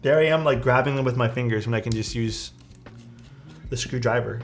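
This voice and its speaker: A man's voice: medium pitch, brisk, soft background music. A young man chatting casually with his live-stream chat while building a keyboard, laid-back and self-deprecating, reading messages aloud.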